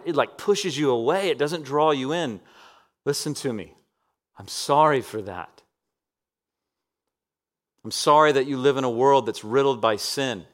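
A man in his thirties delivers a sermon with big swings of energy. He climbs to loud, emphatic peaks, then drops to soft, intimate near-whispers. His pitch sits mid-range for a man. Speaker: preacher.

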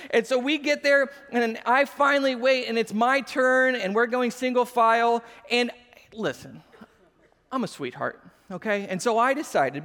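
A man in his thirties preaching a sermon, telling personal stories with animated, self-mocking humor. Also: very high-pitched. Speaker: pastor. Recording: long reverb of a large hall.

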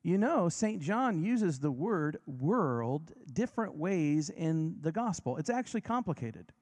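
A man preaching a sermon, emphatic and dramatic, who slows down and speeds up, drops to a near whisper and rises again, and leads his listeners in repeating lines. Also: on the high side, big pitch swings, a little mellow. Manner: emphatic, varies pace and volume for effect.

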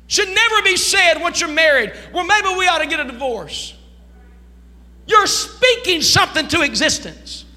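A man with a very high, piercing bright voice preaches a sermon to his congregation. His delivery swings from hushed asides into loud, drawn-out shouts that nearly turn to song. The sound carries a long reverb from the church hall. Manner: preaching with rising shouts and sung, drawn-out lines. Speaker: pastor. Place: church sanctuary.

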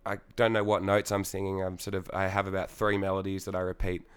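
Young Australian male musician, low-pitched, smooth resonant voice, casual rambling interviewee. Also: little pitch movement, quick pace. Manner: rambling, swears, laughs often, many fillers. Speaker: singer in a band.

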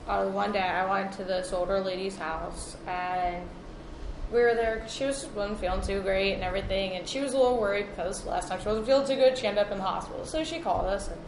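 A woman rattles through a story from her EMS work at a quick clip, quoting partners and patients as she goes. The room is echoey and there is steady noise in the background. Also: medium pitch. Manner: animated, quotes others in lively voices. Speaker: EMS worker. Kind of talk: casual storytelling.

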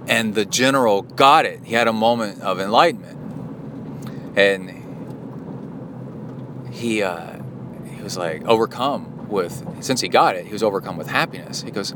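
A man's voice: on the low side, normal speed, long pauses. A man hosting a podcast, talking alone in a casual, rambling, reflective way, recorded in a car. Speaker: podcast host. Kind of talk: casual solo talk. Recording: road noise from a car.

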